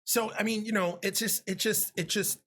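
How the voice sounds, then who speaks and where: A man's voice: sits high, fairly even intonation, moderate pace, a bit bright. A man co-hosting a podcast, chatting casually in a rambling, joking way with plenty of profanity. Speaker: podcast co-host. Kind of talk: casual chat. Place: home podcast setup.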